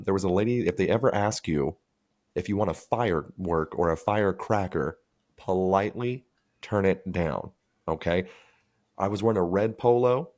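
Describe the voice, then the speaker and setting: A man co-hosting a podcast, telling a crude story in an animated, jokey, profane way. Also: sits low. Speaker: podcast co-host. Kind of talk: casual storytelling.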